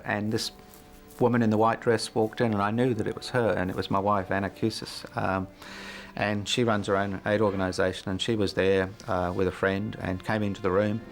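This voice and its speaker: Middle-aged man, gravelly low voice, reflective interview storytelling, faint music underneath. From New Zealand. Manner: gravelly, hesitant with many fillers, chuckles often. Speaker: interview guest.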